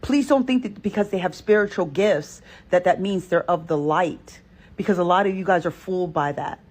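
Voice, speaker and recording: A woman hosting a reaction channel, telling a storytime to her viewers in an expressive, emphatic way that repeats points and addresses them directly. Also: on the low side, moderate pace. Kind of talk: animated storytime talk to viewers.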